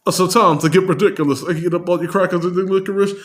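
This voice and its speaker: A man's voice: high voice, steady tone, rapid-fire, voice pushed up, lightly acted. A man putting on the voice of a brash, boastful male rapper persona, rapping lyrics in a playful, exaggerated way. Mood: cocky. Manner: playful, exaggerated rap delivery.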